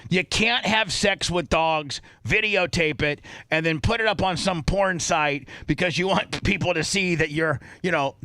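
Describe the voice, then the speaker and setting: In a dry studio-mic recording, a man with a voice on the high side, pushed and bright, reads out listener donations during his radio talk show. Unhurried and with few pauses, he still rambles emotionally and keeps restarting.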